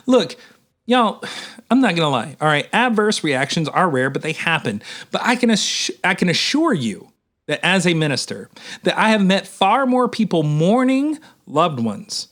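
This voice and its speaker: A male minister delivering a humorous sermon with emphatic, animated commentary, often addressing listeners as y'all. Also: high-pitched, normal speed.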